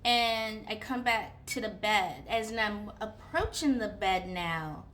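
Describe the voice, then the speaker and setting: A young woman tells a personal story in a casual, animated way, piling on fillers and voicing her own inner thoughts. Her tone is bright and forward, and a faint background hum sits under the recording. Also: medium pitch, slow. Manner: animated, with many fillers and acted-out inner dialogue. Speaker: vlogger.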